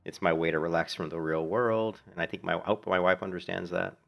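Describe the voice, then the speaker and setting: A middle-aged man with a low, gravelly voice chats away while he streams a game from home. He is laid back and rambling, tells long stories and swears freely. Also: fairly even intonation, brisk. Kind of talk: casual chat while playing. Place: home in Florida.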